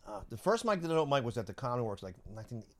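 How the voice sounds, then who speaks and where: A man rambling through comedy-club stories, halting and restarting, laughing often. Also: mid-range voice, big pitch swings. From Philadelphia area. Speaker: comedian guest. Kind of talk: casual chat, storytelling.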